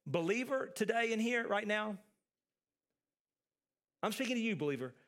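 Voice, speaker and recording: At a moderate pace, a man preaches as pastor in a voice that sits high and swings widely in pitch. He builds his sermon with forceful repetition, then falls to soft, intense delivery.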